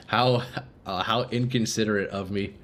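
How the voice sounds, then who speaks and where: Talking slowly in a fairly low, steady, fairly bright voice over slight background noise, a young game streamer keeps things laid-back, chatting casually with viewers and swearing freely.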